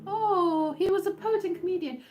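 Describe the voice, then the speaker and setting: A woman's voice: extremely high pitch, normal speed, loud music behind the voice. A woman comic poet rambling through a self-mocking monologue full of wandering asides.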